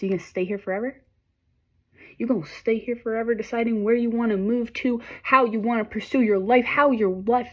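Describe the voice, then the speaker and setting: A young woman giving a casual, animated tarot reading straight to her viewers, swearing freely and talking directly to them. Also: on the high side. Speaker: tarot reader.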